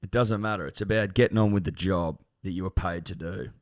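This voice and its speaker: A man's voice: deep voice, a little fast, a little mellow. A man with an Australian accent co-hosting a podcast, emphatic and mock-serious, swearing freely. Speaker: podcast co-host. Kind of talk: casual crude banter.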